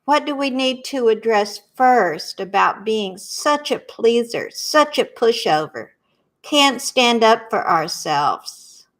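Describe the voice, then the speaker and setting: A woman who works as an intuitive, leading a guided tapping workshop in slow, soothing repetition for viewers to follow. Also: on the high side, lively intonation, a bit bright.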